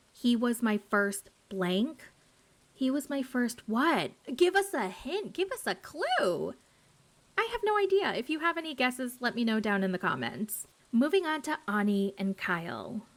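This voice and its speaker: Casting note: woman YouTube recapper, slightly high-pitched, sarcastic and gossipy. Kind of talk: chatty TV show recap.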